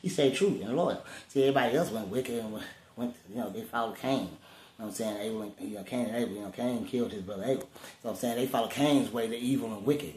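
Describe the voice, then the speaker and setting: A man speaking casually and profanely about faith, rambling like a street preacher with sudden loud bursts. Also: mid-range voice, quick pace. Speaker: vlogger. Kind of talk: casual spiritual monologue. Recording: roomy with faint ambience.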